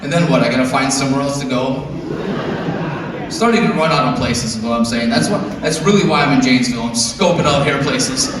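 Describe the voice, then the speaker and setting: A man in his thirties performing a stand-up comedy set, telling stories in a deadpan way and jumping into high, squeaky voices to act out quotes. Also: a little fast, background noise. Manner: deadpan storytelling with sudden high-pitched acted-out quotes. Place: large theater stage. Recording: echoey theater from far off with audience laughter.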